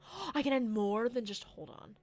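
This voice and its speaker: A woman streaming late at night speaks at normal speed with a fairly high voice, worn out by the hour. Her casual chat with viewers rambles and drifts, punctuated by sudden loud bursts of excitement.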